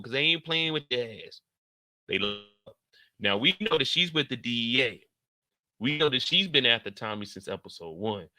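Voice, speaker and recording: Male live-stream host, casual reaction commentary; very bright, tense tone, close and dry; animated, slangy delivery. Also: dry recording. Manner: animated slangy storytelling with sudden loud, high outbursts.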